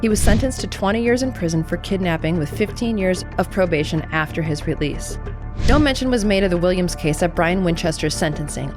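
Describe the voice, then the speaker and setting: A woman narrating a true crime video in a measured, scripted way. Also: fairly low pitch.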